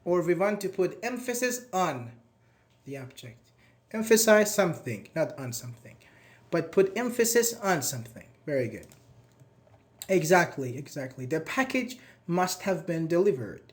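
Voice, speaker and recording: A man teaching a grammar class live, talking in a loose, chatty way and asking his students questions. His voice sits a little higher than most men's, and he keeps praising students by name as they answer. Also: very animated, normal speed. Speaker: English teacher.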